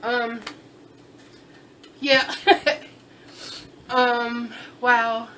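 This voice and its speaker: A tipsy woman vlogging at home, talking slowly and gushing over her haul with lots of fillers. Her high, bright voice carries over a faint hum of background noise. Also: level tone, low-quality recording. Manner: chatty, gushing, thinks aloud with fillers and restarts. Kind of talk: casual vlog chat.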